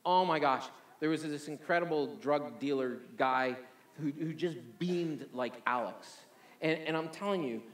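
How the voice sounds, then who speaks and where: A man's voice: a little high, echoey room. A man preaching a sermon energetically, often repeating words as he restarts. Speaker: pastor.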